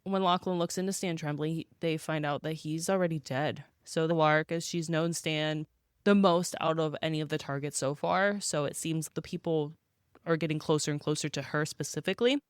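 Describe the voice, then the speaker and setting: A woman co-host on a casual book podcast with a lowish, smooth, resonant voice. She recaps the story conversationally and laughs easily. The recording is close and dry. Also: steady tone, a little fast, no room sound.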